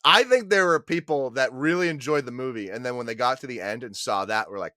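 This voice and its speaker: A man's voice: mid-range voice, lively intonation, a little fast, hardly any pauses, bright, forceful tone, dry recording, studio quality. A man co-hosting a movie podcast, casual and laid-back, swearing freely. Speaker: podcast co-host. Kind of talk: casual chat.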